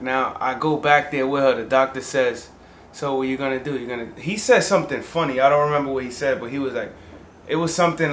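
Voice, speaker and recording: Young man co-host, relaxed casual storyteller, echoey room. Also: medium pitch. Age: young adult. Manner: laid-back, jumps in to take over the story. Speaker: co-host vlogger. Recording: echoey room with faint noise.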